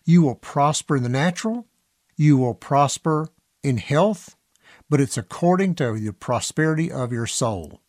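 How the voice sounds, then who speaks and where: Earnest preaching man, lively voice. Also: mid-range voice, a little slow, no room sound, studio quality. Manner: earnest, emphatic, reads scripture aloud. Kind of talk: podcast sermon.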